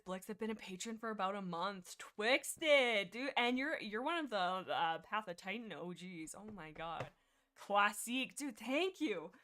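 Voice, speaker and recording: Woman streamer, casual chat, excitable and rambling, middle pitch. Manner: rambling and excitable, with many restarts and fillers. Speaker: livestream host.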